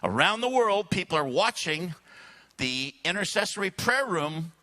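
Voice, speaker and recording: A man tells a long church story, his fairly high voice leaping up and down with animation. His tone is bright and forceful, and he keeps stopping to clear his throat between anecdotes. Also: very animated, a little slow. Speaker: guest speaker. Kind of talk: sermon storytelling.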